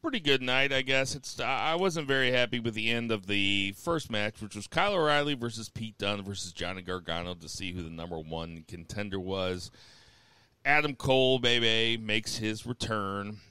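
A man's voice: fairly low pitch, normal speed, clear, resonant tone, no room sound. A man hosting a casual podcast chat, leading the segments and recapping matches. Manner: runs the segments, steady recap with fillers. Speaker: podcast host.

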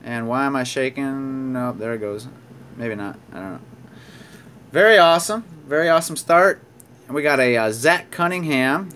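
A mid-range, slightly bright male voice at a moderate pace carries casual pack-opening commentary, with slight background noise. While opening sports card packs, he chats, reads card names aloud, and chuckles occasionally.

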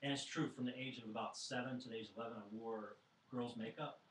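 A man telling a comic personal story live to an audience in a house show, animated with self-deprecating asides. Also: medium pitch, fast, slight background noise. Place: living room of a house show before an audience. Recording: roomy, distant live recording.

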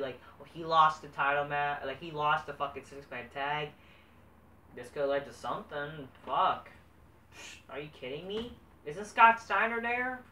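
Exasperated, foul-mouthed man as a wrestling reviewer, bright voice, roomy off-mic sound. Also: medium pitch, distant mic. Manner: profane, exasperated, swears constantly. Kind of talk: casual ranting review. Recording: echoey room, off-mic, faint background noise.

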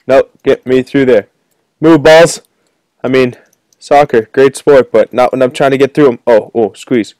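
A young man giving jokey, excitable commentary while playing a video game, whooping when he wins. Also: medium pitch, measured pace, no room sound. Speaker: gaming channel host. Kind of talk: casual let's play commentary.

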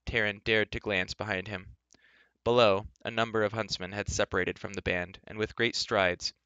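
Man, low clear voice, reads a novel aloud in even storytelling, dry dull lo-fi sound. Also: dry recording. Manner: steady storytelling with occasional word slips. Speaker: reader. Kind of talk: reading a fantasy novel aloud.

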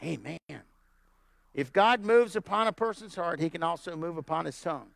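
High-voiced man preaching with emphatic repetition. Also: lively intonation, normal speed, gravelly, no room sound. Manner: emphatic preaching with repeated lines and calls of "Amen?"; folksy, plainspoken asides. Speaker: pastor. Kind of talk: sermon.

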